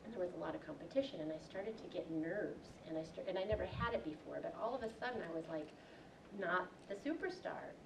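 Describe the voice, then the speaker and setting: Animated woman telling her story in a roomy hall. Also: on the low side, fast, gravelly. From Wisconsin, USA. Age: 40s. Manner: animated storyteller who acts out quotes. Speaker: branding coach giving a talk. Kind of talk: personal storytelling talk. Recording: roomy echo from far off, faint hiss.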